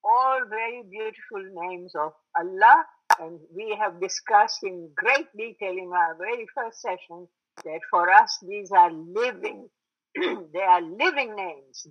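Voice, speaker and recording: A woman giving a religious lecture, explaining terms patiently and often checking in with her listeners. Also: medium pitch. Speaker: religious teacher. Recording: dull lo-fi recording.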